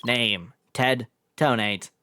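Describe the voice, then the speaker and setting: A man voicing a calm, terse male bomb disposal expert who speaks in a flat, robotic, clipped way, with faint game music behind. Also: medium pitch, drawn-out words.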